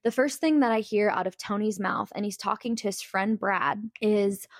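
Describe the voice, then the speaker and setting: A woman's voice: mid-range voice, moderate pace, hardly any pauses, dry recording, studio quality. A young woman telling a personal story in a casual, candid and emphatic way, full of "like" fillers.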